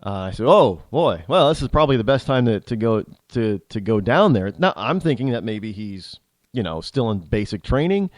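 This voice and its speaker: A man's voice: mid-range voice, sing-song, moderate pace, no echo. A middle-aged man hosting a talk show, telling an opinionated story bluntly, with frequent restarts. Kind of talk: storytelling monologue.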